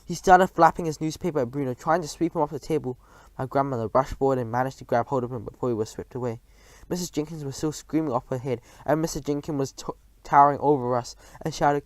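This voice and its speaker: A man reading a children's storybook aloud in a lively storytelling manner. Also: medium pitch, fast, no room sound. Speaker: narrator.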